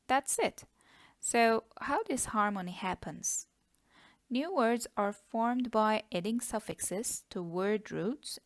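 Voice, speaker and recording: A woman with a Turkish accent teaching a grammar lesson, patiently breaking words into syllables. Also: medium pitch. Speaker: language teacher. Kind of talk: slow explanatory lesson.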